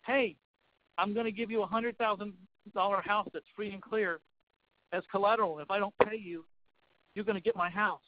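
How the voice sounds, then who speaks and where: A man's voice: high voice, steady tone, a little fast, narrow, tinny audio, pitched above the performer's own voice, lightly acted. A man doing a brash jailed convict hollering down the hall. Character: imprisoned male criminal shouting a loan request.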